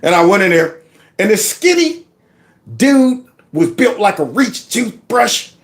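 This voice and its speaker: A man in his fifties from Youngstown, Ohio, hosting a casual commentary and telling animated, preachy stories in which he acts out the voices. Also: sits high, a little slow. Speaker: host.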